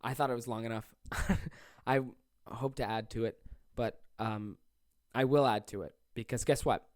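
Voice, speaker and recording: A man's voice: mid-range voice, fairly even intonation, moderate pace, no room sound. Young man, podcast host, rambling, profane, self-deprecating, jet-lagged, dry close sound. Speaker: podcast host and stand-up comedian. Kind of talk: casual solo podcast monologue. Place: small room.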